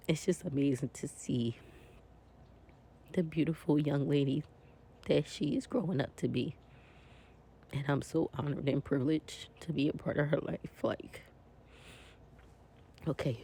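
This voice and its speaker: A woman talks her viewers through her weekend as she decorates a planner, in a relaxed, friendly, chatty way. Her voice is warm and mellow, with a gravelly fry under it. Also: low voice, a little hiss or hum. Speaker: planner vlogger. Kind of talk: casual chat while decorating a planner.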